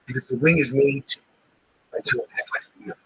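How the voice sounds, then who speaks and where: A man in casual chat, retelling a story in an animated way, swearing freely and acting out what others said. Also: medium pitch, fairly quick, noisy background. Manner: animated, swearing, acts out quotes. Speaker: livestream host.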